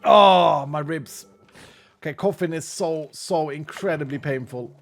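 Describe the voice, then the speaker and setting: A man's voice: fairly high pitch, measured pace, creaky, soft background music. Chatty rambling man streaming a game. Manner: chatty, rambling, laughs often. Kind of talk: casual gaming commentary.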